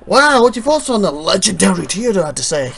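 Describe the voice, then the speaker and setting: A host giving playful, excitable play-by-play commentary on a wrestling video game show. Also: mid-range voice, brisk, gravelly. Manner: excitable, exclaims often.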